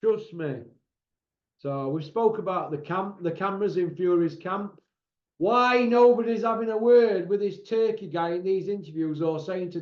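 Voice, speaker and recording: High-voiced man ranting about boxing. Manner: rambling, opinionated, constant tag questions. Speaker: boxing pundit and channel host. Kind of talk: casual monologue. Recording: roomy, dull lo-fi sound.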